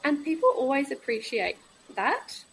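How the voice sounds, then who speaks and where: A woman in her thirties, a midwife, speaking as a guest in a candid podcast conversation, halting and frank with many pauses and fillers. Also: high voice, sing-song, creaky, crowd noise, rough recording.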